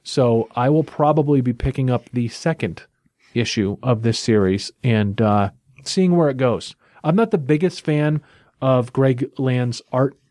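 Man, mellow voice, comic podcast co-host, measured reviews, dry booth sound. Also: medium pitch, lively intonation, no room sound. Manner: measured, offering opinions on the art. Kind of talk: casual chat, reviewing comics.

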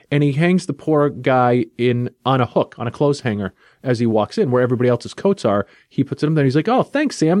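A man hosting a casual chat, recapping a comic book plot in a lively, jokey storytelling way. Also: mid-range voice, dry recording, studio quality. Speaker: podcast host reviewing a comic.

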